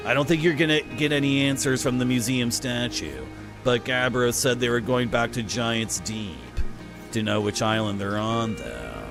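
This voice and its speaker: A man's voice: mid-range voice, normal speed, natural voice. A man reading aloud the lines of a friendly young alien museum keeper, chuckling as he goes. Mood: amused. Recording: faint music behind.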